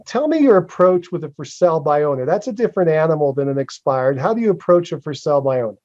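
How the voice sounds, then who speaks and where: A man's voice: a little high, expressive, quick pace, a little mellow. A man hosting an interview over a call, steering with direct questions. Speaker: interview host. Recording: muffled lo-fi call audio.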